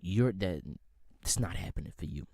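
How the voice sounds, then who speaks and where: A man's voice: sits low, moderate pace, creaky, husky, dry recording, clean studio sound. Man on a profane, heated rant. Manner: animated, profane, exasperated ranting. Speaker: podcast host.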